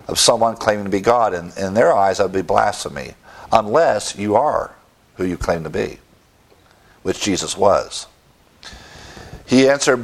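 A middle-aged male preacher delivering a sermon, emphatic and rising in pitch when he presses a point. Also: vocal fry.

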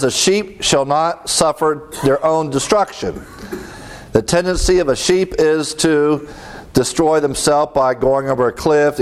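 Earnest middle-aged male preacher. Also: mid-range voice. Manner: earnest, emphatic, repeats key phrases. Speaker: preacher teaching a class. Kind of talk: sermon-style teaching.

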